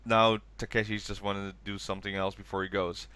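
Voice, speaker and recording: A man with a low, bright and smooth voice, recorded close and dry. He sounds tired and rambles through a recap, jumping into quoted lines with a sudden raised voice. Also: little pitch movement, fairly quick, dry recording. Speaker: podcast co-host. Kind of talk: casual chat recapping a TV special.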